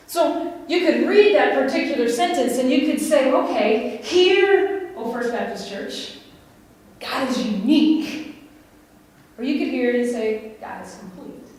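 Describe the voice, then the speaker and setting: A West Virginian woman preaches to her congregation in a chatty, questioning way, with a fairly high voice. She is recorded from a distance in a church sanctuary, and the long reverb of the hall hangs on every phrase. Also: lively intonation, measured pace, a little mellow. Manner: conversational, laughs and asks the congregation questions. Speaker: pastor. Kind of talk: sermon.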